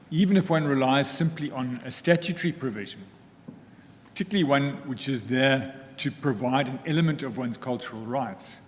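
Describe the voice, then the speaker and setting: A man arguing a case in court, formal and measured, with some restarts. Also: mid-range voice, a little hiss or hum. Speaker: advocate in court. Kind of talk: legal argument in court. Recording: long reverb of a hall, faint ambience.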